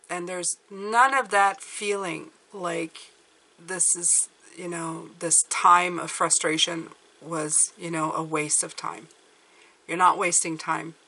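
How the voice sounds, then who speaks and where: A woman's voice: on the low side, vocal fry, bright, forceful tone. A middle-aged woman reading tarot cards in a chatty, reassuring, soothing way. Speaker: tarot reader.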